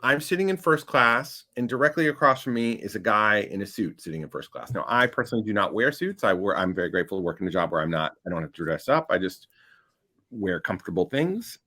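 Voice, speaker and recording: Lively man telling a story. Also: fairly low pitch, fast talker. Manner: animated storyteller, rising loud for punchlines. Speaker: podcast guest. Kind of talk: casual storytelling.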